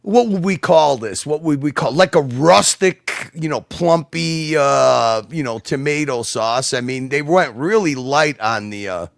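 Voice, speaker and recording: A man with a fairly high voice that jumps all over the place, co-hosting a loose, profane chat. He talks animatedly and laughs often. His voice sounds dry and close, with no room echo. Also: gravelly. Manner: animated, swearing, quick to laugh. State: married. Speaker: co-host. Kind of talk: casual food chat on a show.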